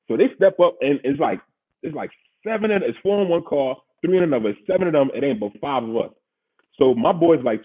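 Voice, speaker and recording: Guest storyteller: New man, husky and slangy, sounds like a phone line. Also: fairly high pitch, fairly quick. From Queens, New York. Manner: animated, slangy, acts out quotes. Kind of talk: casual storytelling.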